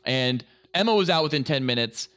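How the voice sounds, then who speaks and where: A man co-hosting a casual podcast, excitable and rambling, swearing often. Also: medium pitch, brisk. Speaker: podcast co-host.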